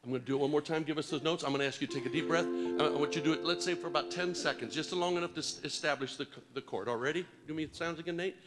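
Picture a man with a notably high voice standing before a church congregation, calling people up and coaxing them along. He teases and jokes with the crowd in a lively, interactive way. He sounds loose and playful as he keeps the room involved. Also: rapid-fire, hardly any pauses, music in the background. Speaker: preacher leading a congregation.

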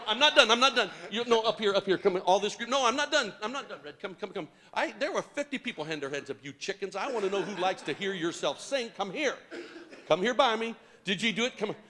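A man's voice: sits high, bright, forceful tone. A man preaching to a congregation in a church hall, coaxing them with playful teasing and jokes. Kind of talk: lively interactive church talk.

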